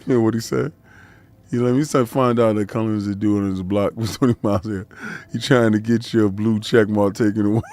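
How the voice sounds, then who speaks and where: A man's voice: lowish voice, steady tone, brisk, dark tone. A man streaming a video game, talking in a casual, slangy, joking way and laughing often. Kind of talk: casual gaming commentary.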